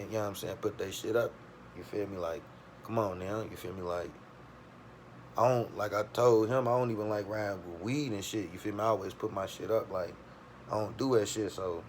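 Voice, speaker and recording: Man, low voice, loose and profane storyteller, faint noise in the background. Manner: streetwise, profane, animated retelling with quoted voices. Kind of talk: casual storytelling.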